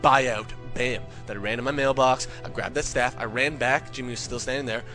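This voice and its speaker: A young man telling a comic gaming story as a rant, jumping into loud quoted voices. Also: mid-range voice, fast talker, music in the background. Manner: animated, swings into shouted quoted voices. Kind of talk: comedic gamer rant.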